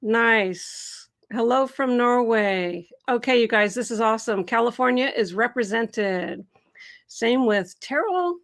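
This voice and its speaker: A woman's voice: a little high, lively intonation, slow. A middle-aged woman from the Seattle area hosting a live Q&A stream, bubbly and laughing often as she greets viewers and reads their comments. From Seattle area, USA. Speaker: host.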